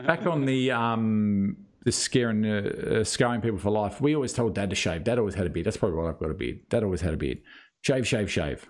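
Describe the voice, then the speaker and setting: A man's voice: fairly low pitch, fast talker, hardly any pauses. An Australian man hosting a casual podcast chat with mates, blokey and loose, swearing now and then and cutting in over others. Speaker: podcast host.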